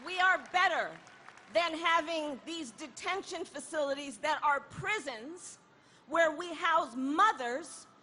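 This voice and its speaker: A woman giving an impassioned protest rally speech outdoors, repeating a refrain and building to shouts. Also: high voice, slow pace, some chatter behind, a little hiss or hum. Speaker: rally speaker.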